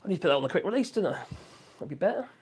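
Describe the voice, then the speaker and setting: A man's voice: high-pitched, big pitch swings, very fast, darkish tone, breathy edge. A man chatting casually on a live stream from his home office, rambling and reacting to viewer comments. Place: home office room with wood burner.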